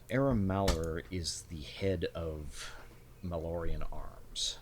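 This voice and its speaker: Deep-voiced male game master. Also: slight background noise. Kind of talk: narrating a tabletop game.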